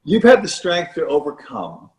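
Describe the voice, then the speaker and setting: A male podcast host speaking in a reflective, halting way with restarts. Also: a little high, wildly swooping pitch, echoey room. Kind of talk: interview chat.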